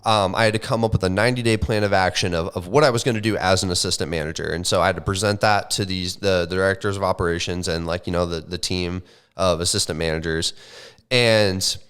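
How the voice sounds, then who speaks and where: A young man on a podcast, telling a casual, animated story full of swearing and slang. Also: deep voice, quick pace, smooth. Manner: animated, swears often, says like and bro. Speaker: podcast co-host.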